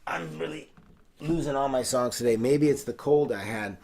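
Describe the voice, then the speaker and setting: A man's voice: mid-range voice, normal speed, slight background noise. A middle-aged man hosting a casual chat, rambling with many fillers and restarts. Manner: rambling, warm-hearted, breaks into singing. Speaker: host.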